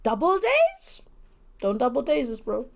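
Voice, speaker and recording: A woman co-hosting casual card-game commentary, playful and jokey with quick asides. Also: sits high, huge pitch swings, gravelly. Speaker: co-host.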